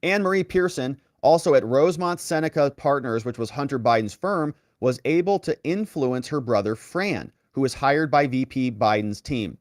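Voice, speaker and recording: Brief: male legal-news host, mid pitch, sarcastic asides, dry close-mic sound. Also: lively intonation, normal speed, hardly any pauses, no echo. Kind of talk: online political commentary.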